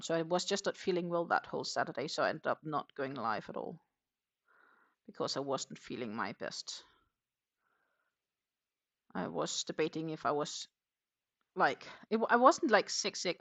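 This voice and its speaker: She's a crochet live streamer from Denmark, speaking at a moderate pace in a deep, gravelly, somewhat bright voice with long pauses. Chatting casually from home, she reads viewers' comments aloud, uses many fillers, and has an accent mixing Danish, Dutch and English.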